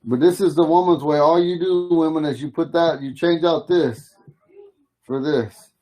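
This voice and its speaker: A middle-aged man teaches a language class over a video call. His voice sits a little high for a man, and he talks in a relaxed way, going over each phrase slowly and saying it again. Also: rough recording.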